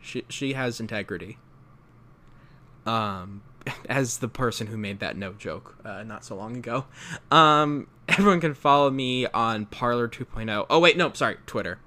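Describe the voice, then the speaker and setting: A man's voice: mid-range voice, normal speed, pushed and bright. A man co-hosting a film podcast, chatting casually, jokey and irreverent, swearing now and then. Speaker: podcast co-host.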